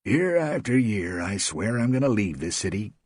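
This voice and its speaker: Male reader doing wry party guest, low husky, chatty. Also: very animated, normal speed, a little mellow, no echo, clean studio sound. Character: wry city man at a party.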